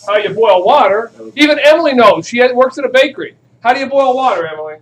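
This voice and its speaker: A man's voice: very high voice, fast talker. A man teaching a chemistry class, lecturing and joking with students during a demonstration in a classroom. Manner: animated, joking, talks to students directly.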